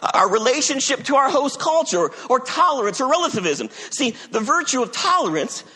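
A man preaching a sermon as pastor, emphatic, moving between loud declarations and quiet low passages. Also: big pitch swings, moderate pace, slightly rough. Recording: long reverb of a large hall.

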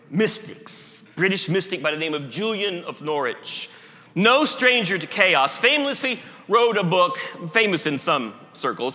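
A male pastor preaching a sermon, emphatic, stretching key words with slow pauses and slipping in self-deprecating humor. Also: high-pitched, sharp tone. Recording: echoey hall reverb.

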